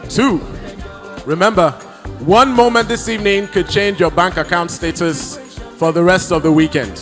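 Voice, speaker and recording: A man's voice: sits high, normal speed, fairly bright tone, faint music behind. A man hosting a live prize draw in a large hall, hyping the crowd as he calls out numbers. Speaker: event host.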